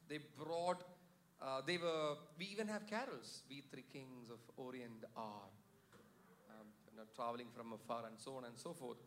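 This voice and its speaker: Man preaching a sermon, fairly high voice. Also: a bit bright, a little hiss or hum. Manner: call-and-response with congregation; paraphrases scripture with many fillers and restarts. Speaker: pastor. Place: church.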